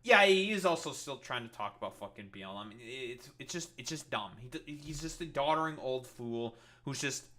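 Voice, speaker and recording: A man's voice: medium pitch, expressive, brisk, hardly any pauses, sharp tone. A man streaming commentary, ranting in a heated, exasperated way and swearing constantly. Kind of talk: profane political rant.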